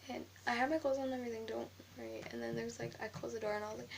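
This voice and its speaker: A young woman casually telling a story to the camera, rambling and animated, with "like" after nearly every phrase. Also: fairly high pitch, very fast, vocal fry, slight background noise. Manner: rambling, heavy use of filler "like"; animated retelling of an argument. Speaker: vlogger.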